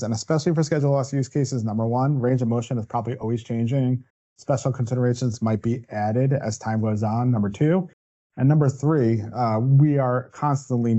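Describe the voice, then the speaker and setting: Presenting a legal webinar, a workers' compensation defense attorney moves methodically through each step, asking "right?" along the way. He has a medium-pitched, mellow voice, heard through dull audio.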